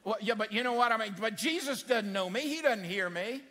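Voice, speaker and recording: A man preaching a sermon in a church, acting out the voices in his story with dramatic swings of pitch. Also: fairly quick, in a large hall, slight background noise. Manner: animated, acts out quotes with big pitch swings. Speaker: pastor. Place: church sanctuary.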